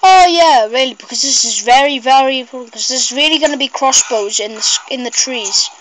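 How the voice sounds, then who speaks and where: A woman giving casual, rambling gameplay commentary, excitable and shrieking at mishaps. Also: high voice, brisk, rough recording.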